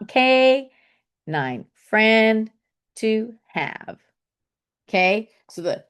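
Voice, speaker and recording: A woman's voice: medium pitch, fairly bright tone. A woman teaching a casual online poetry lesson, chatty and thinking aloud, saying "okay" often and tapping out syllables and stresses.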